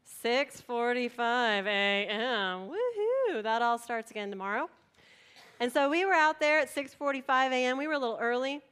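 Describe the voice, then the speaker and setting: A middle-aged woman pastor preaching a sermon, telling a story in an animated way and acting out voices. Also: high voice, quick pace, clear, resonant tone.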